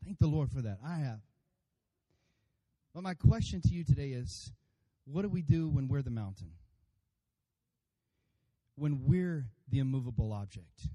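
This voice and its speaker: A pastor preaching a sermon to his congregation, animated and playful, acting out voices and calling for amens. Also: mid-range voice, unhurried, long pauses. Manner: animated, acts out funny voices for God and congregants; addresses congregation by name, calls for amens.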